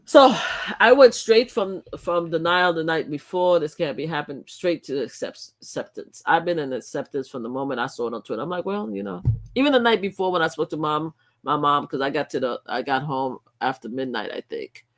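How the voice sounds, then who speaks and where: Animated New woman venting. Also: brisk. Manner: animated, emphatic, swings from low muttering to loud outbursts. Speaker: livestream host. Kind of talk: casual livestream monologue.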